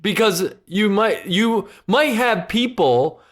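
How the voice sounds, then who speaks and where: A man's voice: high voice, lively intonation, slow. A man co-hosting a podcast in casual chat, giving emphatic opinions. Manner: emphatic opinions with imitated quotes. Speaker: podcast co-host.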